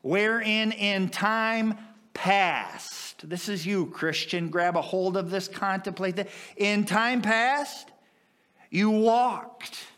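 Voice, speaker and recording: A man preaching a sermon as pastor, with impassioned swells in pitch and volume. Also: a bit bright.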